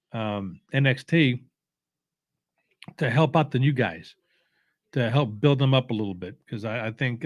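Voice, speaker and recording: A man's voice: medium pitch, no echo. A man in the middle of his range chats casually and opinionatedly, stumbling over fillers and restarting his sentences. He sounds drowsy. The recording is dry and close, with no room sound. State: sleepy, yawning. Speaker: watch-along host. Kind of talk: casual rambling commentary.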